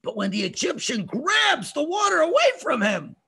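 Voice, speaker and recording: A man teaching a lesson to children, animated and emphatic, often asking them questions. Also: very high voice, normal speed, creaky.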